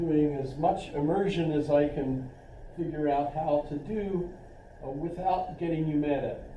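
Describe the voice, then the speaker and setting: A man's voice: a little high, warm tone, distant mic, a little hiss or hum. Rambling man lecturing in a roomy classroom. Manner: rambling and chatty, full of joking asides. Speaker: college philosophy instructor.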